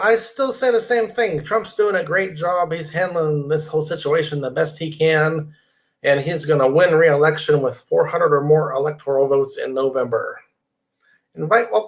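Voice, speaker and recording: A man's voice: on the high side, creaky, fairly bright tone. A middle-aged man hosting a casual live stream from his computer desk, rambling, reading viewer comments aloud and inviting people to join.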